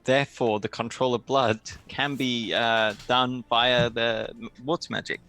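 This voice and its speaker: A man's voice: medium pitch, little pitch movement, a little slow, sharp tone. A man playing in a tabletop game, chatting casually with dry, teasing banter. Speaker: player.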